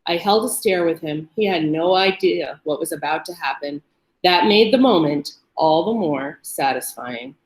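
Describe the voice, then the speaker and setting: A woman reading a first-person story aloud to an audience in a calm, measured way. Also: low-pitched. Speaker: story reader. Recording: roomy echo.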